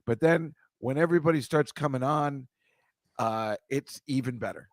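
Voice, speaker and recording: Speaking at normal speed in a medium pitch with no echo, a live stream host reads out viewer comments. His casual chat wanders through a story, with self-interruptions and joking asides along the way.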